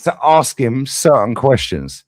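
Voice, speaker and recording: A man's voice: mid-range voice, big pitch swings, measured pace, a little mellow, no echo. A man hosting a heated live fan stream, bantering, swearing and laughing often. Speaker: livestream host. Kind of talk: heated livestream fan debate.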